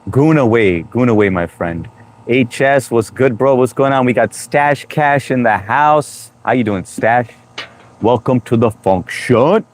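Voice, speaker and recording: A man's voice: medium pitch, measured pace. A man hosting a casual live stream, joking around and greeting viewers by name as he reads their comments. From United States. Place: home room, New York.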